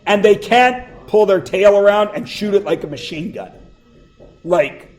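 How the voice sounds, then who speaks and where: A man's voice: sits high, unhurried, a little mellow, faint music behind, low-quality recording. A middle-aged man teaching math to a class, with a sore throat, asking the students question after question. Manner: questioning, prompts students for answers. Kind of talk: classroom lecture.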